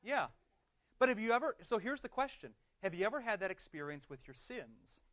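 A male pastor with a high, lively voice leads a Bible class, repeatedly asking the group questions and answering them himself. He slows down to read prayers and passages aloud. The recording is dull and lo-fi.

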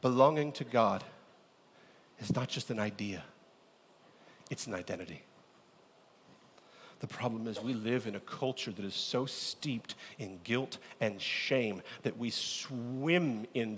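A pastor preaching a sermon in a lively, joking way, firing rhetorical questions at his church. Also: mid-range voice, a little slow, pauses often, slight background noise. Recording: echoey hall.

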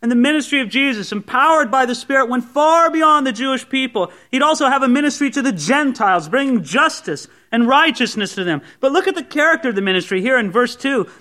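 Man, pastor preaching to a congregation, high voice, bright tone, conversational. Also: expressive, brisk, hardly any pauses. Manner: conversational, voices imagined objections. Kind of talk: expository sermon. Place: church service before a congregation.

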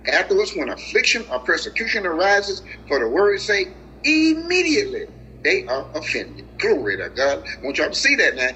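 A man preaching, his bright voice leaping up and down in pitch as he reads verses slowly and explains them to the congregation. He speaks directly to his listeners as family and guys. The recording is slightly muffled, with a faint hum of room noise behind him. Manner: animated, with swings of pitch and slow drawn-out scripture reading. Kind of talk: sermon, reading and explaining scripture.

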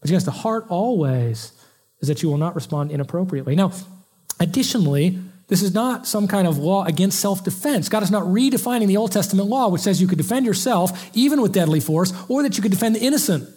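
A high, husky-voiced male pastor preaching. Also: fast talker. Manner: conversational, animated, acts out quoted lines. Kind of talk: expository sermon. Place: church pulpit.

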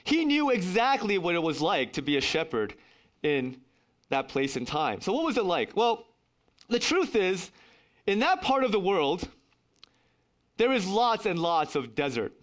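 Lively, high-voiced male preacher. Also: a little slow, pauses often. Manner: earnest, emphatic preaching with wry asides. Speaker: pastor. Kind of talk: sermon.

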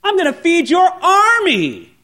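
A man playing a brash teenage boy with a voice pitched up far above his own. He shouts defiance, loud and strained, with the cracking of a voice that hasn't finished changing. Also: huge pitch swings, unhurried, full character voice. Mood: defiant.

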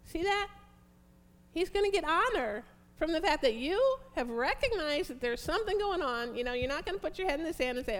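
A woman preaching a fervent, prayerful sermon, reading scripture slowly and emphatically. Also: high-pitched, expressive, fairly bright tone.

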